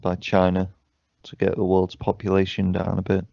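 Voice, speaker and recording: Sweary, deep-voiced man. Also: monotone, moderate pace, vocal fry, dark tone, no room sound. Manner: sweary, laughs often, banter. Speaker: podcast co-host. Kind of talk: casual chat. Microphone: video call. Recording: dull lo-fi call audio.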